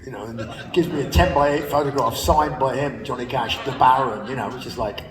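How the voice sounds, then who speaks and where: Before a loud crowd in a large theater, an older man speaking a little fast in a medium pitch tells laughing, chatty anecdotes with casual swearing at a live spoken-word show. The recording is distant, made from the audience in an echoing hall.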